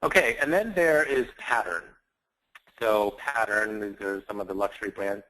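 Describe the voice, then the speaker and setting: A man's voice: lowish voice, normal speed, bright, forceful tone, poor audio. A man giving a conversational branding lecture with slides, often checking in with his audience with tag questions. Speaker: branding instructor.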